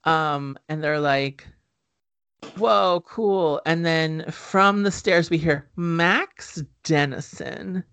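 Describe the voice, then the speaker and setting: Higher-voiced guy on a podcast, swearing and joking through a movie recap. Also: fairly even intonation, slow pace, hardly any pauses, bright, forceful tone, clear, resonant tone. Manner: profane, joking, filler-heavy storytelling. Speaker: podcast co-host recapping a film. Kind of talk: casual chat.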